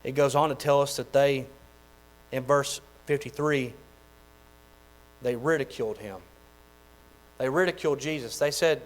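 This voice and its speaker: A man, preaching a sermon in a folksy, animated way with lots of repeated phrases. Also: medium pitch, a little slow, pauses often, low-quality recording. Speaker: pastor.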